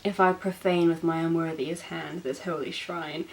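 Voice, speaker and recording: A woman's voice: low-pitched, steady tone, normal speed, gravelly, a little hiss or hum, poor audio. A woman voicing a dim, earnest young male lover in a mock-theatrical dramatic reading. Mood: mock-romantic.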